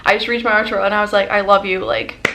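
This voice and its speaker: A young woman vlogger telling a casual storytime as an excited fangirl, full of "like" and quoted dialogue. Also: medium pitch, quick pace. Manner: excited fangirl gushing, lots of "like".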